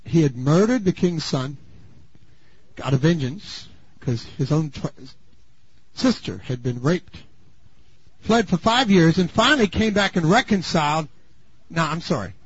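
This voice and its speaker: A man preaching a sermon, dramatic and swinging from loud bursts to hushed asides. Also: on the high side, expressive, measured pace, pauses often, husky. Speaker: pastor. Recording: dull lo-fi sound.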